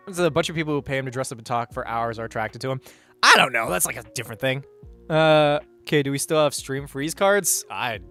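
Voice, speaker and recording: A man's voice: a little high, bright, forceful tone. A man chatting casually on a livestream, reading chat and rambling with hesitant, profane asides.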